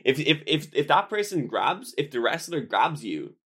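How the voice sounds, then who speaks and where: A young man co-hosting a podcast with teasing, giggly banter and frequent interruptions. His voice is husky and a little high, leaping around wildly in pitch. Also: sing-song, moderate pace, fairly bright tone. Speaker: podcast co-host.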